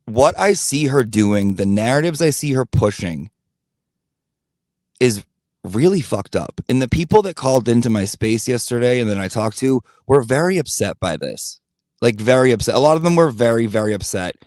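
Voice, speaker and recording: A man's voice: mid-range voice, expressive, normal speed, darkish tone, dry recording. A man hosting his own commentary channel, ranting bluntly to his audience with plenty of swearing and repeated emphasis. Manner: blunt, profane, repetitive emphasis; talks directly to his audience.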